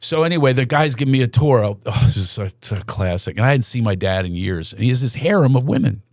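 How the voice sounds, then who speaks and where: A man, a guest comedian, telling stories in a podcast chat, animated and prone to restarts, slipping into voices of the people he quotes. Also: medium pitch, fast, no echo, clean studio sound. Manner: animated storyteller who slips into quoted voices; restarts and stammers mid-story.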